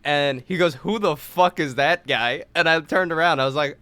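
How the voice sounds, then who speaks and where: A man's voice: on the high side, normal speed, few pauses, a bit bright. A young man telling a rambling story on a casual podcast, swearing freely and acting out quotes. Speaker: podcast co-host.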